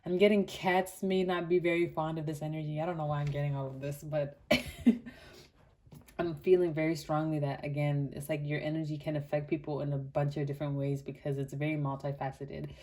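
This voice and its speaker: Low-voiced woman giving a chatty tarot reading. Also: brisk. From Botswana. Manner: chatty and animated, many "like" fillers, laughs often. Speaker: tarot card reader. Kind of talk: casual pick-a-card tarot reading.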